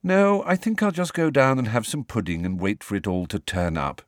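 A man voicing a dreamy, serene teenage girl witch in an audiobook, calm and matter-of-fact. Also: mid-range voice, moderate pace, no room sound, clean studio sound, natural voice.

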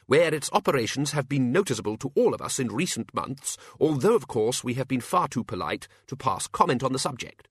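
Hearty, blunt old archchancellor wizard, a man doing him; slow, booming, swooping. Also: big pitch swings, slightly rough, dry recording, studio quality.

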